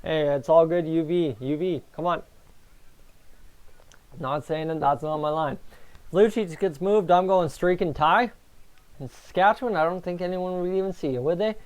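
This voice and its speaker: A man's voice: fairly high pitch, normal speed, pauses often, smooth. A man hosting a casual live stream, chatting away and answering viewer comments as he goes. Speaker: fan streamer and host.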